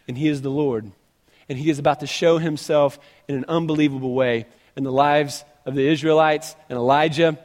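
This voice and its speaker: A man with a high voice preaching a sermon, moving between scripture reading and lively retelling. He often repeats himself as he talks. His voice rings with a long reverb. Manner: animated preaching, reads scripture aloud, repeats words.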